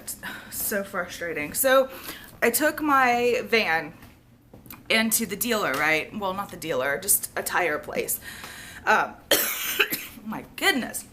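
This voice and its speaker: A woman's voice: mid-range voice, animated, takes it slowly, long pauses, bright, forceful tone, slight background noise. A young woman chatting casually in a vlog, rambling and sick, losing her voice and coughing. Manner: chatty, rambling, lots of "like" and "y'all". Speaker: vlogger.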